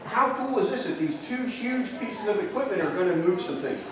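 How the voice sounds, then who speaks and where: A man's voice: high-pitched, expressive, fairly quick, a bit bright. Male seminar speaker quizzing the crowd, distant mic in a reverberant hotel room. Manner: fires rhetorical questions at the audience. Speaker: seminar presenter. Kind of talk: marketing seminar lecture. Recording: echoey hall, distant mic, audience present.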